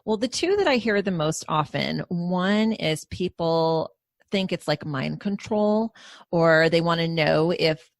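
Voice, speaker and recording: A woman hypnosis practitioner explaining her work in a calm, steady way as a podcast guest. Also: on the low side, unhurried, no room sound. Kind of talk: podcast interview.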